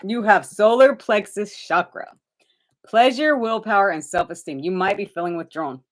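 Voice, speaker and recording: A woman's voice: mid-range voice, normal speed. A woman giving live tarot readings to viewers, chatty and direct, addressing them by name and calling them honey. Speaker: tarot reader.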